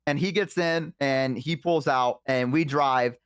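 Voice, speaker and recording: Young man telling an animated story. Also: measured pace, smooth, no room sound, studio quality. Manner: animated storytelling, acting out quoted lines with rising pitch and hesitations. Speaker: storyteller guest. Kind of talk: casual anecdote on a stream.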